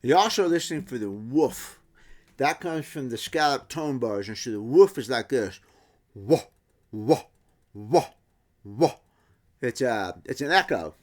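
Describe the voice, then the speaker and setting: A middle-aged man talks through guitar tap tones in a relaxed workshop manner. He imitates the sounds with his own voice and often backs up to restart a sentence. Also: medium pitch, normal speed. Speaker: guitar builder. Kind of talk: casual workshop explanation.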